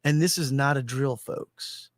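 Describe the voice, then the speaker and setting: A man with a rather high voice chats loosely on a podcast, wandering through his points and laughing at his own jokes. The sound is close and dry, with no room around him. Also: a little fast, dry recording. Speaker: podcast co-host. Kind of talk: casual chat.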